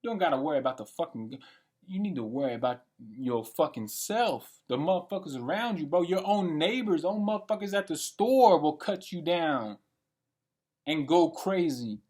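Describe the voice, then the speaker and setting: A man's voice: a little high, animated, normal speed, darkish tone. A man in his late twenties giving a blunt, profane and rambling monologue for his vlog. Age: late 20s. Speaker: vlogger. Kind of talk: unscripted rant monologue.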